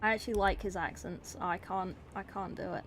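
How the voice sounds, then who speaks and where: A woman's voice: medium pitch, steady tone, fairly quick, faint music behind. A woman streamer chatting casually while painting, self-deprecating, swearing and giggling. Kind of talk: casual livestream chat.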